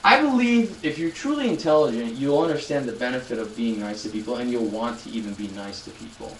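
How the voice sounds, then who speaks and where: A man's voice: mid-range voice, animated, a little fast, reverberant, far from the mic, slight background noise, rough recording. A man in his twenties chatting casually on a live stream, telling a rambling story with many restarts and addressing viewers. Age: 20s. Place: loud room.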